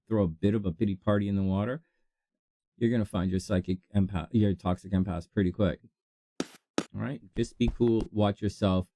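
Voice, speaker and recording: Talking casually to viewers, this channel host gives advice straight to camera, animated and often laughing as he swings from low asides to high exclamations. There's a slight hiss or hum in the audio.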